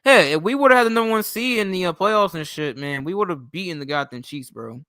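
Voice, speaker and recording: Chatty young man, bright crisp voice. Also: sits high, expressive, fairly quick, no echo, studio quality. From New York State. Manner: rambling, profane, loose and chatty. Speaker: livestream host. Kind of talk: casual livestream chat.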